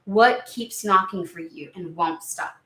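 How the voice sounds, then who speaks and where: A woman's voice: mid-range voice, a little slow, pushed and bright. Woman doing a tarot reading, chatty and emphatic, mid voice, roomy echo. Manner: chatty, emphatic, swears casually, acts out voices. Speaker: tarot reader. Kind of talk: casual spiritual tarot reading.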